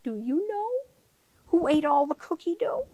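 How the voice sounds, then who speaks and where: A woman doing a high, worried cookie-baking mama. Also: big pitch swings, unhurried, dark tone, no echo. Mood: puzzled. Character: worried mother baking, asking friends.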